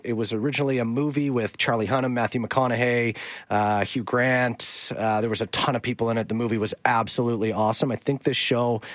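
A man's voice: mid-range voice, no room sound. Easygoing male radio co-host. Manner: easygoing, chuckling, relaxed. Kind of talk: casual chat on air. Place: radio studio. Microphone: studio microphone.

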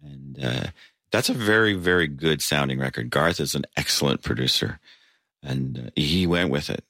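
A man's voice: rumbling low, moderate pace, bright, forceful tone, no room sound, clean studio sound. A man, a band member, telling stories in a casual interview, rambling with restarts and fillers. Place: basement of a tavern.

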